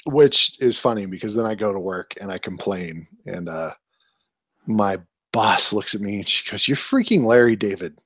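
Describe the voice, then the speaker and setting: A man's voice: lowish voice, normal speed, sharp tone, no echo, clean studio sound. A man in his twenties co-hosting a casual podcast, telling annoyed stories with an exasperated, ranting manner. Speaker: podcast co-host.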